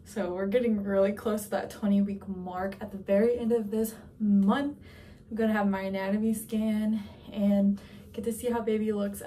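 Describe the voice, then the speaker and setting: Recorded on a distant mic, a young Georgia woman with a warm, mid-range voice chats through a vlog update from her workplace office. She's a bit breathless and rambles casually, using lots of fillers.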